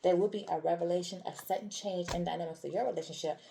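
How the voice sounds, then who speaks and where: A woman's voice: lowish voice, steady tone, fast talker, gravelly, heavy background noise. A woman doing a casual tarot reading, talking straight to her viewers in an emphatic, repetitive way. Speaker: tarot reader.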